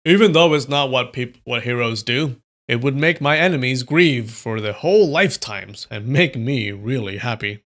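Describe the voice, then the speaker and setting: A man doing a loud, gravelly old sect leader. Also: medium pitch, normal speed, hardly any pauses, close to an everyday voice. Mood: gloating. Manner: loud, boastful and threatening. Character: ruthless old male demonic sect leader.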